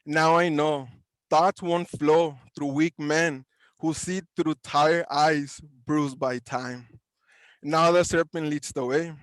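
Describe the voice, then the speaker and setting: A man slowly reading his own poetry at an online open mic from home. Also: on the high side, steady tone, smooth, dry recording. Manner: slow, deliberate reading with pauses. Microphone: video call.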